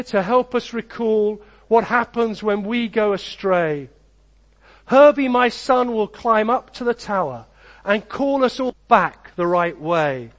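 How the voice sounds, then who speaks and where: A kind, forgiving older king from a storybook, read aloud by a man, speaking in a warm, proclaiming tone. The voice sits high for a man. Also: full character voice.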